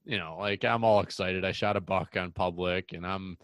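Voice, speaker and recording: Low-voiced young man telling hunting stories. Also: normal speed. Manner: rambling storyteller, excitable. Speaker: podcast host. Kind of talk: casual hunting podcast chat.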